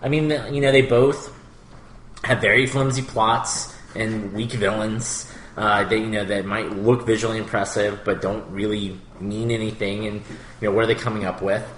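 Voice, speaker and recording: A man in his thirties co-hosting a podcast, rambling through his points with lots of filler words in a bright, clear voice. The room sounds echoey, with a faint hiss behind him. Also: on the low side, fairly even intonation, moderate pace. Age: 30s. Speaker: podcast co-host. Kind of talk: casual chat.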